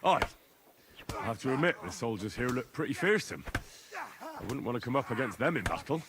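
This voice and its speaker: A polite young hero. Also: male voice, medium pitch, very animated, fairly quick. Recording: game audio with crowd.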